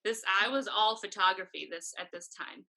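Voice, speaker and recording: Woman podcast guest, bright and forceful tone, chatty storyteller, acts out quoted dialogue. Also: mid-range voice, normal speed, gravelly, rough recording. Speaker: guest, tour photographer. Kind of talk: casual interview storytelling.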